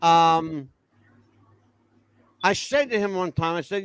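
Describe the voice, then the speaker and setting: A man's voice: on the high side, takes it slowly, a bit bright, clean tone, no room sound. A man hosting a podcast in casual chat, blunt and emphatic, swearing freely. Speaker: podcast host.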